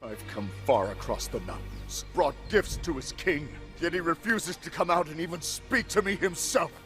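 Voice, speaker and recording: A man's voice: fairly high pitch, animated, normal speed, fairly bright tone. A proud army commander, indignant and angry at being slighted. His voice rises and falls widely, with faint music behind him. It comes from a short film clip. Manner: indignant, complaining.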